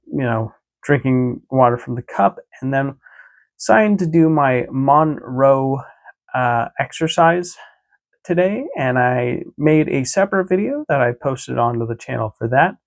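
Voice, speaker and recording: A man with a gravelly, fry-edged voice talks through his day in a casual vlog. He is easygoing and chatty, and he rambles, leaning on filler words and starting sentences over. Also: mid-range voice, expressive, unhurried. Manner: rambling, full of "like" and "uh" fillers and restarts. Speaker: vlogger.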